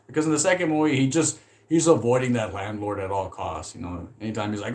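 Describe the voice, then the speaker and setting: A man chatting casually on a live stream about films he loves, rambling with lots of "like" and swearing when he gets excited. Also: on the low side, fast talker.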